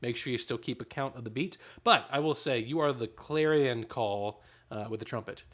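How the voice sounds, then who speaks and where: A man's voice: mid-range voice, normal speed, a bit bright. A man leading a choir rehearsal, giving directions between short sung demonstrations. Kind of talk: rehearsal instruction.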